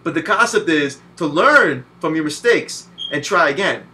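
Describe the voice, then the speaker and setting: A man in his twenties, from Puerto Rico, giving a profane, animated video game review full of cursing and mocking voices. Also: fairly high pitch, normal speed, slight background noise. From Puerto Rican. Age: 20s.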